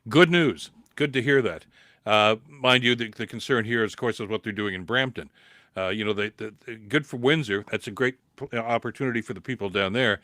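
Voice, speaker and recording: A man's voice: fairly low pitch, fairly quick, pushed and bright, no room sound. A Canadian man hosting a live political podcast, reading viewer comments and answering them in an impassioned way, his throat dry from a recent cold. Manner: impassioned, repeats words, rising to emphatic peaks.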